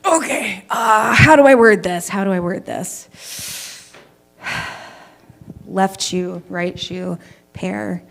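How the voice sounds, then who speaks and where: A woman's voice: mid-range voice, slow, gravelly, pauses often. Canadian woman doing open mic standup, chatty storytelling, swears a lot, makes fun of herself. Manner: conversational storytelling with swearing and self-deprecating asides. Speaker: stand-up comedian. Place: small comedy venue with live audience.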